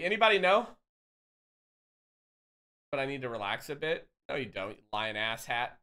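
A man's voice: fairly high pitch, lively intonation, moderate pace, long pauses, sharp tone. A male streamer in casual chat with his viewers, joking, swearing and reading their messages aloud. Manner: loose, swearing, teasing banter with chat; reads chat messages aloud and answers them.

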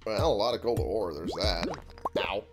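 A man's voice: on the low side, moderate pace. A man giving casual commentary over his own gameplay. He swears a lot, laughs often, and keeps exclaiming in exasperation. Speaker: let's play streamer. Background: game music.

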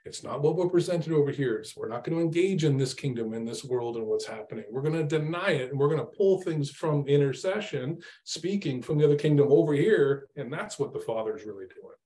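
A man's voice: fairly high pitch, lively intonation, a little fast, few pauses, mellow. A middle-aged man preaching an informal sermon, conversational, asking his listeners questions and acting out his own exasperated prayers.

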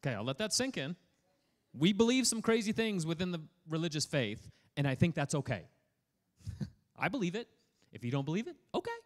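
Male pastor, energetic and playful sermon delivery, high voice with a wide, bouncing pitch. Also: a little fast, pauses often. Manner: energetic, playful, prods the audience for feedback.

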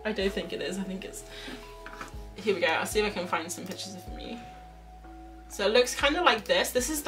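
This young woman hosts a drawing stream, chatting loosely and reading out viewers' messages. Her medium-pitched voice is bright and forceful, recorded from a distance with faint music behind it.

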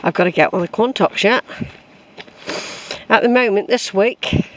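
A high-voiced man rambles cheerfully to his viewers as he walks a hillside path. He calls them folks and drifts from one thought to the next. Faint outdoor noise sits behind the camera mic. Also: normal speed, a bit bright, rough recording. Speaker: hiker filming his walk. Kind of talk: casual walking vlog.

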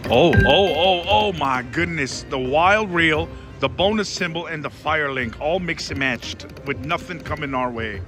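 A man playing slots on a casino floor, giving excitable running commentary and calling out to his viewers and his mom. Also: a little high, unhurried, few pauses. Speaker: casino slot vlogger. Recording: casino floor with loud music. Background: slot machine music.

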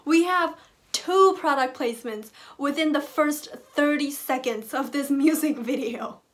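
A woman's voice: sits high, measured pace. A woman hosting a casual reaction vlog who talks in a playful, joking, teasing way. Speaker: reaction video host.

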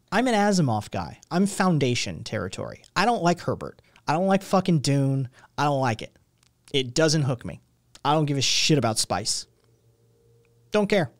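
This stream host, a young adult man of medium pitch, goes on an exasperated, profanity-laden rant that keeps rambling and starting over. There's no room sound, and the audio is studio quality.

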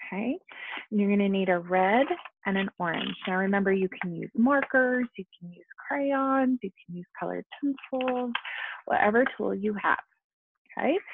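A woman teaching young children at home over video, speaking slowly and patiently and checking in with them often. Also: medium pitch, creaky, husky, no room sound. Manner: slow, patient, coaxing, frequent "okay?". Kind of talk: remote lesson to young children. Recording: dry, phone-like lo-fi sound.

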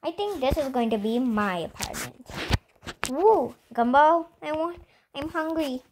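A young girl hosting her own gaming channel, chatting excitedly and giggling to viewers as she plays. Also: high-pitched, moderate pace, background noise. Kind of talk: casual gameplay commentary.

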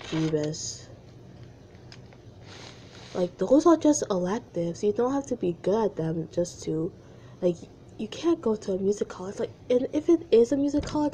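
A woman's voice: medium pitch, mellow, a little hiss or hum, rough recording. A young adult woman vlogger reading aloud her old childhood stories and reacting to them, exasperated, with whispered asides.

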